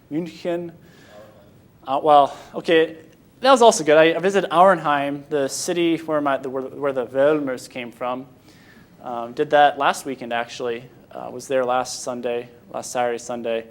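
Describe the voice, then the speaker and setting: A young American man from Michigan giving an informal Sunday school talk, halting and often restarting his sentences before taking questions. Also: medium pitch. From Michigan, USA.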